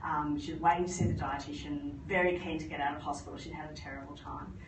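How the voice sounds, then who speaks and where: A woman, a palliative care doctor, giving a lively conference talk and telling stories. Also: low voice, quick pace. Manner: lively anecdotal storytelling. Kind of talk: conference presentation. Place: conference hall. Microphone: phone recording from the audience. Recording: echoey hall from far off, noisy.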